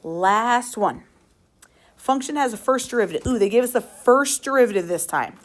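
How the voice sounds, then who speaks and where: A woman's voice: on the high side, lively intonation, normal speed. A woman teacher leading a classroom lesson, upbeat and playful, asking the class questions as she works through problems.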